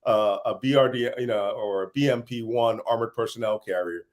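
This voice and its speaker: A man's voice: mid-range voice, a little fast. Tired American man recounting war analysis. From United States. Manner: animated storytelling with laughs. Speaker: interview guest, intelligence analyst. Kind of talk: interview answers.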